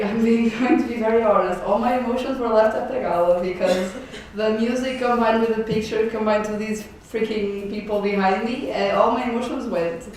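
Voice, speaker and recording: A young Portuguese woman, speaking her native language, gives an emotional, rambling farewell as an outgoing board member, laughing between her thanks. Her voice sits at medium pitch with a darkish tone. The large event hall echoes, the mic is distant, and there's faint noise.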